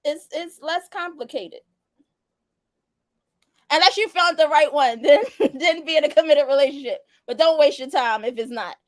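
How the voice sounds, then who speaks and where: A woman's voice: high-pitched, moderate pace, no room sound. A young adult woman hosting a casual live-stream chat, laughing and teasing as she reads viewer answers. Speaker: host.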